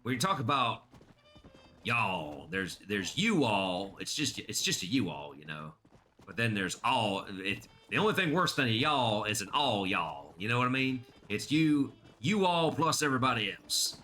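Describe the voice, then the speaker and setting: A man's voice: fairly low pitch, very animated, moderate pace, bright, forceful tone, slight background noise. A man streaming a video game, chatting casually and joking in rambling asides into his desk microphone. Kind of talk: casual live-stream commentary.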